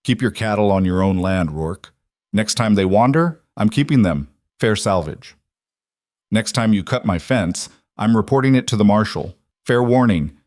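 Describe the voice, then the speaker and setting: A man voicing a big, menacing rancher villain with a rough, amused voice, in an audiobook western. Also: fairly low pitch, expressive, moderate pace, darkish tone, no room sound, clean studio sound, lightly acted. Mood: threatening.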